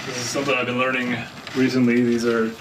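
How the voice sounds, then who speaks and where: A man who plays bass and engineers his band's sound, giving an easygoing tour of his home studio and rehearsal space. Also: completely flat delivery, fast talker, noisy background. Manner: easygoing, explanatory.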